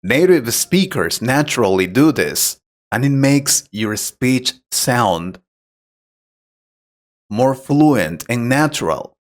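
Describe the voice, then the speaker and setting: A man acting as an English teacher who explains pronunciation tips patiently and clearly in a scripted conversation lesson. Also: mid-range voice, big pitch swings, slow pace.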